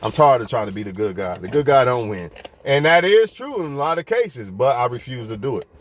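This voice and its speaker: A man's voice: mid-range voice, sing-song, brisk. A man giving fiery life advice to his viewers in a profane, preachy rant.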